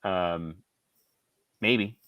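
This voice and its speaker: A male podcast co-host in casual sports chat, talking in a measured, hedging way with fillers. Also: sits low, clean tone, no echo, lo-fi sound.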